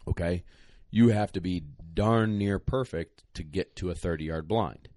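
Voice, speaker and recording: Deep-voiced, blunt man giving training advice. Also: a little slow, warm tone, no echo, studio quality. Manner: blunt, plain-spoken, emphatic. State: a little out of breath. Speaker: retriever trainer, guest. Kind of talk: casual podcast advice.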